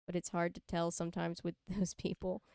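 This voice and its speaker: A woman from Canada, hosting a casual podcast in a chatty, teasing way, quick to laugh. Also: fairly low pitch, little pitch movement, gravelly, a little mellow, no echo, studio quality. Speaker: podcast host.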